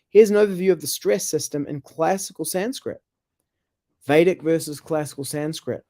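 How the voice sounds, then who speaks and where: Fairly high-voiced guy reading out pronunciation rules, curious, mellow tone. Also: no echo. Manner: curious, exclaims in surprise, reads explanations aloud. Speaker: co-host of a scripture study show. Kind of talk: casual chat about pronunciation.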